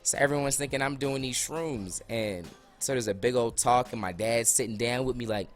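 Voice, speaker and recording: A man's voice: medium pitch, fairly quick, hardly any pauses. A young man in casual, slangy storytime, losing his voice a little. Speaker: vlogger.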